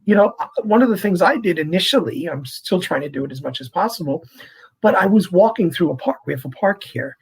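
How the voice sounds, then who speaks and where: A man's voice: high-pitched, animated, fairly quick, breathy edge, poor audio. A middle-aged man, a priest, talking earnestly and reflectively in short phrases during an interview. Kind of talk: conversational interview.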